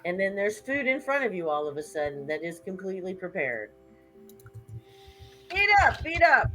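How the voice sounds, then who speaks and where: A woman narrating as game master of a tabletop game, setting scenes with wry, unhurried remarks. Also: lowish voice, lively intonation, a bit bright, faint music behind, rough recording.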